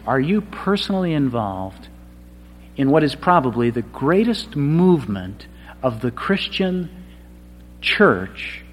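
A man preaching a sermon, with a dramatic delivery that swings from hushed passages to loud, emphatic cries. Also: mid-range voice. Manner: slow, dramatic delivery swinging from quiet to shouted. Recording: long hall reverb.

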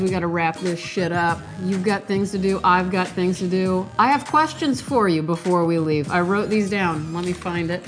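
A woman hosting a casual solo podcast while sick with a stuffy nose, chatty, self-deprecating and quick to apologize, swearing casually. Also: medium pitch. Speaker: podcast host.

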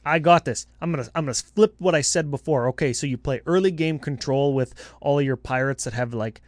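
An animated man co-hosts a casual card-game podcast, cracking quick jokes as he lays out strategy. His voice sits at an ordinary middle pitch. The sound is close and dry. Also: no room sound. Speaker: podcast co-host.

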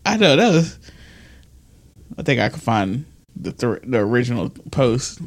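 A man in his thirties co-hosting a casual, explicit podcast, telling stories with lively energy, reading texts aloud and laughing often. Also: medium pitch, unhurried. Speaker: podcast co-host.

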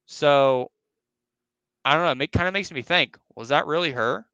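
Young dude rambling thru a spooky story, swears a lot, pretty bright clear voice, dry room. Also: male voice, on the high side, moderate pace, dry recording, highs cut off. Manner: rambling, slangy, profane, acts out voices. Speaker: podcast host. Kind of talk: casual storytelling.

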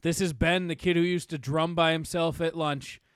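A man's voice: fairly high pitch, steady tone, moderate pace, fairly bright tone, clear, resonant tone, no echo, studio quality. A young man co-hosting a casual podcast, rambling, swearing and laughing. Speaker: podcast co-host. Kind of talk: casual chat.

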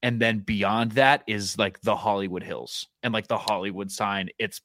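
A young man from New Hampshire chatting casually as a podcast co-host, telling stories in a relaxed way. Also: on the low side, moderate pace. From New Hampshire, USA. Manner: relaxed storytelling with fillers. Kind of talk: casual chat.

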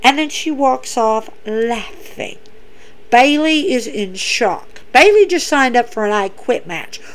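A woman with a high voice recaps for her podcast in a loose, conversational way. She is emphatic, repeats her points and speaks directly to her listeners. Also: lively intonation, slow pace. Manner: chatty and emphatic, repeats herself, addresses listeners as guys. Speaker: podcast host. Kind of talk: casual wrestling recap.

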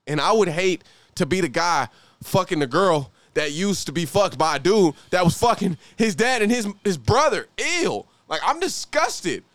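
A man hosting a podcast, talking in a casual, profane, animated way and laughing often. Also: high-pitched, normal speed, dry recording. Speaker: podcast host. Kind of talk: casual podcast chat reacting to a story.

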